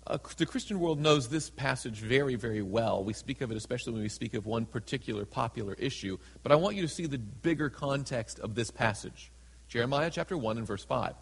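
A man preaching a sermon in a church, reading scripture slowly and dramatically and acting out the people in it. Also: mid-range voice, animated, vocal fry, breathy edge. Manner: reads scripture slowly and dramatically, voices characters in asides. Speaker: pastor. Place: church sanctuary. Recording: hall with long reverb.

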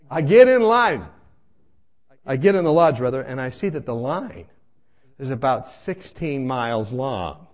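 A man telling a comic personal story in an animated way, acting out voices and laughing as he goes. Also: medium pitch, a little slow.

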